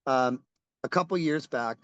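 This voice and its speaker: A man's voice: medium pitch, measured pace, a bit bright, no room sound, muffled recording. A middle-aged man, a rock musician, telling stories in a casual interview, rambling and restarting as he goes and swearing casually.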